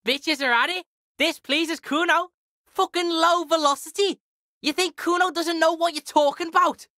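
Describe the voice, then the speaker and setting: A brash, swaggering street kid from a video game, played by a woman, who is foul-mouthed and always talks about himself in the third person. The voice is high and bright. It sounds dry and close. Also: fairly even intonation, normal speed, no room sound. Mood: cocky. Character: foul-mouthed cocky young street boy. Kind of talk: video game character acting.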